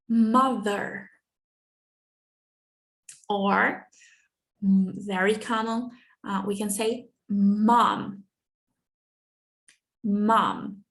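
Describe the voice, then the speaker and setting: A young Brazilian woman, a native Portuguese speaker with a Brazilian accent, teaching English family words in a slow bilingual lesson, drawing out and repeating each word. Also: fairly high pitch. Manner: slow, drawn-out repetition of words for students.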